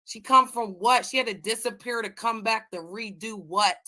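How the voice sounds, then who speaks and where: A woman's voice: on the high side, moderate pace, bright, forceful tone. A woman from the United States hosting a livestream, ranting in a brash, profane, combative way. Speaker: livestream host. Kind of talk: heated livestream chat.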